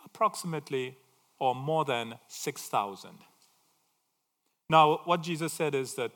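A man preaching a sermon, swinging from loud emphatic phrases to quiet asides. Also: on the high side, animated, a little slow, pauses often, long reverb tail.

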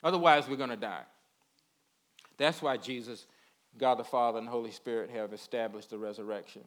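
A man's voice: medium pitch, brisk. A man giving a conversational sermon in a folksy way. He repeats words and keeps checking in with his listeners. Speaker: preacher.

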